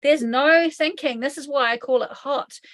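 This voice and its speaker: A woman with a New Zealand accent talks through trauma as an interview guest, in a somewhat high voice. She speaks frankly and casually, drops swear words, and acts out the voices in people's heads. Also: normal speed. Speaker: hypnotherapy trainer, guest. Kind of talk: explanatory interview talk.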